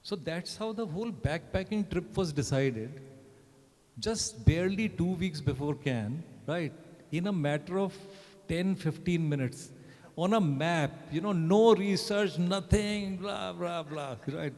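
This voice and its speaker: A man's voice: high-pitched, measured pace, darkish tone. Chatty man in a hall. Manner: chatty, tags sentences with "right?". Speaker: panel guest. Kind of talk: anecdotal storytelling. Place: event hall. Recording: long reverb of a large hall.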